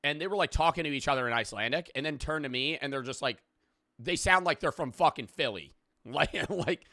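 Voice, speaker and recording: A young man from the United States, a streamer, reacting to videos in casual commentary, excitable and swearing a lot, on a close mic. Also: on the high side, dry recording. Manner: excitable, heavy swearing, quick restarts.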